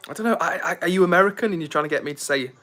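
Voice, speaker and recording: A man's voice: fairly high pitch, rapid-fire, sharp tone, faint music behind. A young man chatting casually on a live stream, reading viewer comments aloud.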